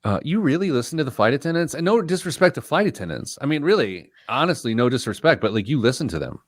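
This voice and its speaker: A man's voice: mid-range voice, very animated, fast, dry recording. A man hosting a radio show, chatting casually with a co-host and joking at his own expense. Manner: joking, self-deprecating banter. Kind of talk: casual chat. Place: radio studio.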